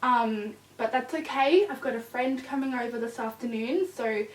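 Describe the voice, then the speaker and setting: A woman's voice: on the high side, normal speed. A woman vlogger chatting casually in a rambling way, with frequent fillers, a little tired. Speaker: vlogger with a new puppy. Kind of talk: casual chat. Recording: echoey room, distant mic.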